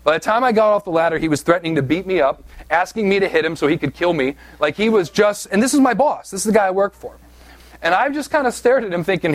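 A man's voice: high-pitched, animated, fast, no room sound. A man from southeast Pennsylvania preaching a sermon, telling a personal story in a conversational, self-deprecating way with frequent "right?" asides. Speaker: pastor.

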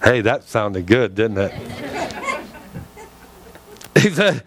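A man's voice: fairly low pitch, big pitch swings, extremely slow, pauses often, a faint crowd. A man preaching a sermon as pastor, telling a story with animation and acting out the voices in it.

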